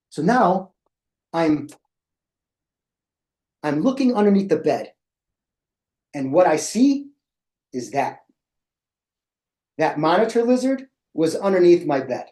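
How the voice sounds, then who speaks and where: A middle-aged man presenting to educators and telling a personal story in an animated way that acts out his own reactions. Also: high-pitched, roomy sound.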